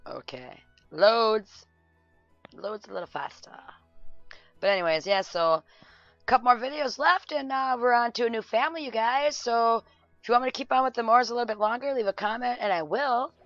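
A woman casually commenting on a life-sim game, excitable, laughing and shouting at the screen. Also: a little high, moderate pace, dry recording, dull audio, faint music behind. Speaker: gameplay video host.

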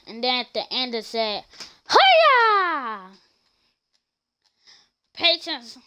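A woman streaming a game, chatting casually and telling rambling stories as she plays. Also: sits high. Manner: rambling, animated storytelling. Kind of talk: casual gameplay commentary.

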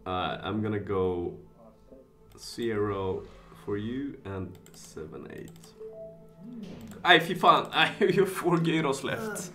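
A man commentating his own live stream. He thinks out loud, reads chat messages and jumps from mutters to shouts of excitement. His pitch swings widely and lively. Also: slow, soft background music. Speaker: casino streamer.

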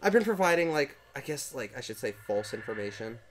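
A man's voice: mid-range voice, sing-song, fairly quick, background noise. A young man telling a long, rambling story while playing a game with a friend, often breaking off mid-sentence. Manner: rambling, self-interrupting anecdote. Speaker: gaming co-host telling a story. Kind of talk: casual storytelling over gameplay.

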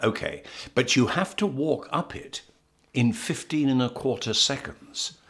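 In a measured, medium-pitched voice with a fairly bright tone, an older English actor tells stories as a guest in an interview. He often restarts sentences with a stammer and laughs as he goes.

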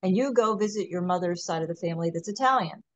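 A woman's voice: on the low side, fast, dry recording. A woman hosting a casual podcast, explaining ideas through everyday comparisons. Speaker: podcast host.

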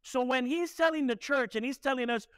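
Male pastor, sermon delivery, emphatic and questioning, high register, dry close sound. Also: a little fast, a bit bright, clean tone, no room sound. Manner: emphatic preaching with rhetorical questions to the congregation.

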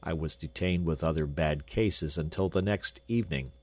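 Casting: grieving old doctor, gruff and grave, very low voice, read by a male narrator. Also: moderate pace, a little mellow, no room sound. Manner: sobbing, broken, then grave.

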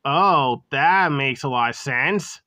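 A woman voicing a shy new teenage boy student with an emo look, speaking softly and hesitantly. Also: rumbling low, lively intonation, slow, no room sound, studio quality, voice pushed down, heavily acted. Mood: subdued.

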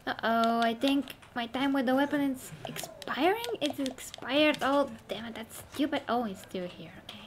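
A woman's voice: high voice, normal speed, hardly any pauses, background noise. A woman giving casual gameplay commentary, chatting to herself and exclaiming at the game. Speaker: gaming channel host.

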